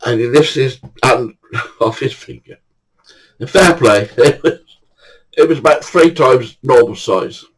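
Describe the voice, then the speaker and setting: Husky older man. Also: mid-range voice, a little slow, pauses often, low-quality recording. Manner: chatty, swears casually, acts out dialogue. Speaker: storyteller. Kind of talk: casual anecdote telling.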